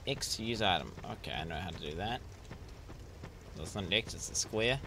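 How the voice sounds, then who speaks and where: A male game streamer in casual commentary, excitable and sarcastic, swearing freely. His pitch jumps around with lively swings. Steady noise hangs behind the stream audio. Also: normal speed.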